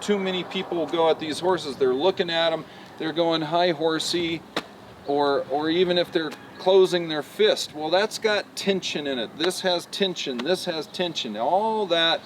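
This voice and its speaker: A man working as a horse trainer, explaining in a relaxed, folksy way with many fillers, outdoors at a ranch pen. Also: a little high. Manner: folksy, relaxed, lots of "you know" fillers. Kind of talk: casual explanation on a walk-around. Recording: distant outdoor mic, faint background noise.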